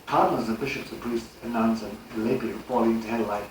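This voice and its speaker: An older man giving a live religious lecture with an animated, rhetorical delivery and chuckling asides. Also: fairly low pitch, quick pace, slight background noise. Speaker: speaker. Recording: old live tape, distant and echoey.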